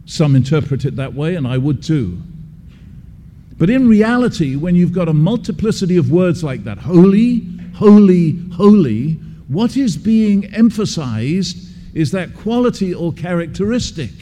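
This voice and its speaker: A man from England gives an expository sermon with a personal story, stressing points emphatically by repeating key words. He speaks at a moderate pace in a mellow, high-leaning voice with big pitch swings, and the hall adds long reverb.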